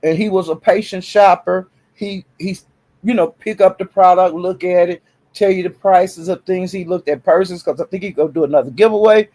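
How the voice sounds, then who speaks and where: A man talking casually and sassily on a live stream, swinging into high exclamations. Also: normal speed, darkish tone.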